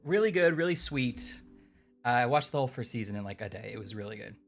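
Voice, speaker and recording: A woman's voice: a bass voice, animated, fast talker, soft background music. A woman chatting casually while playing a game, rambling and chatty. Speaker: game streamer.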